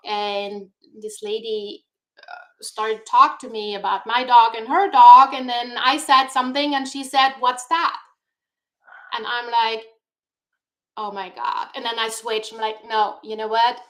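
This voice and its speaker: A woman guest on a talk show, speaking in a deliberate, encouraging way over a video call. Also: fairly high pitch, steady tone, fairly bright tone. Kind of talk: motivational talk-show chat.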